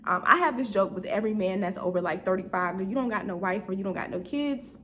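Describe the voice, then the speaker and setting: A woman's voice: medium pitch, fast talker, fairly bright tone, a little hiss or hum. A young woman, apparently from Houston, telling a story in a casual storytime vlog, chatty and full of fillers, often turning to her viewers. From Houston, Texas. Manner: chatty, addresses viewers as "y'all", many "like" fillers.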